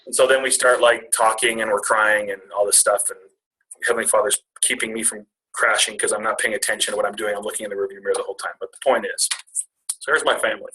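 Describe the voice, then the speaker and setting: A man's voice: fairly low pitch, little pitch movement, fast, bright, forceful tone, rough recording. A man in his twenties telling a personal family story at a retreat, rambling and self-deprecating with jokes. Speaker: speaker at a retreat.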